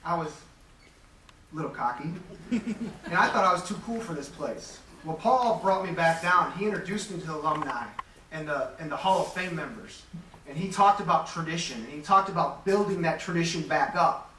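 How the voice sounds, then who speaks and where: A man's voice: fairly high pitch, normal speed, pushed and bright. A man around forty from Metro Detroit, telling candid, self-deprecating stories as a Hall of Fame inductee giving an acceptance speech. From Metro Detroit, Michigan. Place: large hall. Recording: echoey hall, distant mic, faint hum.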